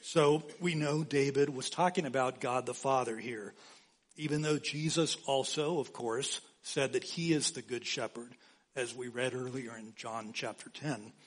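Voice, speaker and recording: A man preaching a sermon as pastor, slow and emphatic, repeating key phrases for weight. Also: mid-range voice, steady tone.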